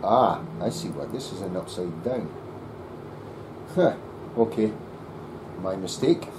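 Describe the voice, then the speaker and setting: Guy muttering through a bass setup, lowish voice, aircon humming behind. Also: animated, slow pace, background noise. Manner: muttering to himself while working. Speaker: luthier. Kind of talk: workshop commentary. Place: workshop.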